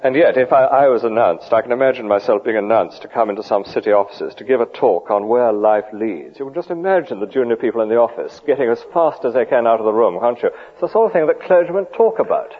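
Preacher on a tinny old broadcast. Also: male voice, mid-range voice, lively intonation, quick pace, few pauses. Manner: rhetorical, vivid emphasis, dry humour. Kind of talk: sermon.

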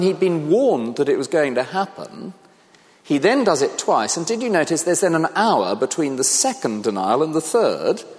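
Preacher with a lively voice in a hall. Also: male voice, medium pitch. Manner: reflective, asks the congregation questions. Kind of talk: sermon. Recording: long reverb of a large hall.

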